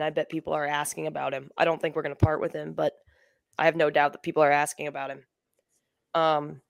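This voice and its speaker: A woman co-hosts a sports podcast, chatting casually, joking and rambling, with lots of ums and restarts. Her voice sits low, and the studio-quality recording has no echo.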